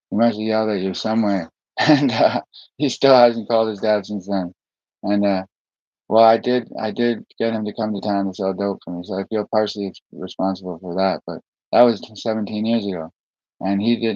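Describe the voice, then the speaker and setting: A man speaking in a meandering, halting monologue, often restarting his sentences and drifting into asides. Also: on the low side, warm tone, no room sound. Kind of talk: rambling monologue to camera. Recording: dull lo-fi recording.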